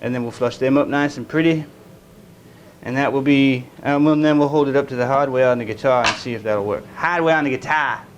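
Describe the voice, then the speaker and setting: A man's voice: medium pitch, brisk, background noise. A man hosting a casual workshop vlog, rambling with frequent restarts and amusing himself by talking in a made-up accent. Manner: talks in a made-up silly accent. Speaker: guitar builder hosting a workshop channel. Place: woodworking shop.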